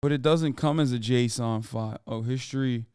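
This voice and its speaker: A man's voice: medium pitch, normal speed, dark tone, smooth, no echo. A man streaming live, reacting casually on a close mic in a profane, incredulous, off-the-cuff way.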